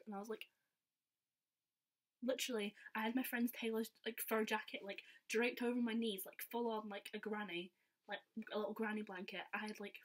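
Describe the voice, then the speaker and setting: A woman's voice: fairly high pitch, little pitch movement, quick pace. A young woman telling a story to camera in a chatty way, full of "like" and acted-out quotes. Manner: chatty, says "like" all the time, acts out quotes. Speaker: vlogger. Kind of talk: casual storytelling.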